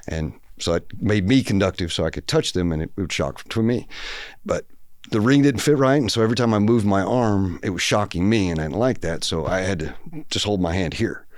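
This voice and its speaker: A man with a low, resonant voice tells a story in a plain, matter-of-fact way, rambling on from one detail to the next. The recording is dry and close, with no room sound. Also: no echo. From Texas. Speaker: podcast guest. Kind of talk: casual storytelling.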